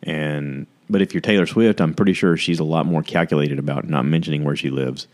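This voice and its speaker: A man with a very deep, low voice talks casually as a podcast host. He rambles through asides and fillers, often mocking himself as he goes. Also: fairly quick. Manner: rambling, self-deprecating, full of fillers and asides. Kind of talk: casual rambling review chat.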